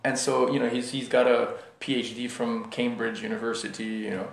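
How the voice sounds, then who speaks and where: A man's voice: mid-range voice, a little fast, a little hiss or hum. Man telling a joke in an echoey room. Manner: storytelling, animated voices for characters. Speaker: lecturer. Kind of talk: casual spoken lecture. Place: lecture room at a yoga center.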